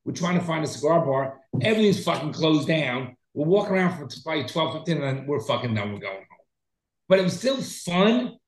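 A man's voice: fairly high pitch, sing-song, brisk, roomy sound, low-quality recording. A man co-hosting a podcast, telling a long story in a rambling, profane, casual way. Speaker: podcast co-host. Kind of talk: casual chat.

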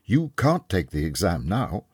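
A man's voice: low voice, wildly swooping pitch, unhurried, slightly rough, dry recording, studio quality, pitched above the performer's own voice, full character voice. A man reading a story aloud, voicing an angry older male college tutor who speaks curtly and sharply. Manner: curt and sharp.

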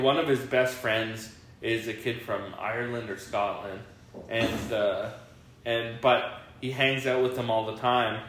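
A man hosting a podcast, chatting casually at a slow pace, rambling with lots of fillers and laughing often. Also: mid-range voice, a bit bright. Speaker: podcast host. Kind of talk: casual chat. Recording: very echoey room, faint hiss.

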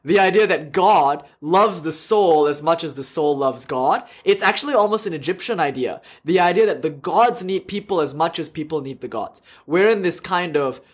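Male lecturer, slightly high voice, lively, laughs and self-corrects while teaching a class. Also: normal speed, hardly any pauses, husky. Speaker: lecturer on religion.

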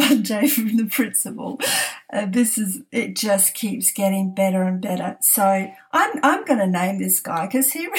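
A middle-aged woman telling a family anecdote, laughing often and stammering as she acts out quotes. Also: mid-range voice. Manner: amused, laughs often, animated quoting, stammering restarts. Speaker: storyteller. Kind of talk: personal anecdote storytelling.

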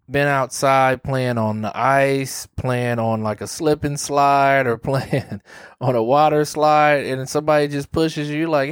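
A man's voice: mid-range voice, steady tone, a little slow, smooth, no room sound, studio quality. A man from Dayton hosting a motivational monologue, earnest and conversational, acting out the people he quotes. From Dayton, Ohio, USA. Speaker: host.

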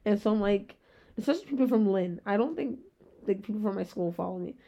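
A young woman in her twenties hosting a solo podcast, rambling in very fast casual chat with a rough-sounding voice. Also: mid-range voice, lively intonation, muffled recording. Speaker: podcast host.

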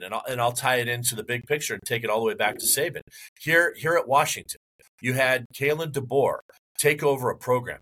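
A man's voice: medium pitch, sharp tone, low-quality recording. A man co-hosting a sports podcast, rambling in casual chat and working himself into mock outrage. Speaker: podcast co-host.

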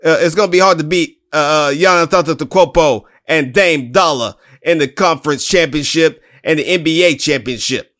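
A man's voice: a little high, moderate pace, fairly bright tone. A man on a casual basketball panel, rambling and hedging his picks with lots of fillers. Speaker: sports talk panelist. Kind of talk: casual sports chat.

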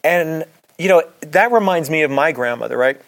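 A man's voice: fairly high pitch, lively intonation, moderate pace, vocal fry, fairly bright tone. A middle-aged man, a doctor, hosting his own podcast in a chatty, earnest storytelling way. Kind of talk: casual solo podcast monologue.

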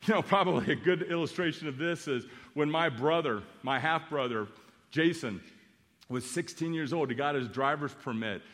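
A pastor preaching a sermon in an animated, emphatic way, repeating phrases for effect. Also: male voice, a little high, normal speed. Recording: long reverb of a large hall.

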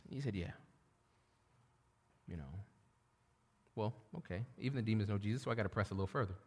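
A middle-aged man preaching a sermon, shifting between loud preaching and quiet storytelling. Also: fairly low pitch, racing, husky. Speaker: pastor. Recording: long hall reverb.

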